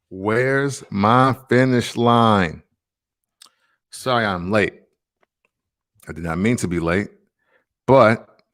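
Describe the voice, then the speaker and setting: Laid-back deep-voiced man vlogging. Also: a bit bright. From Tennessee, USA. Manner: laid-back, rambling, with many fillers. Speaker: vlog host. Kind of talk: casual talking-to-camera vlog.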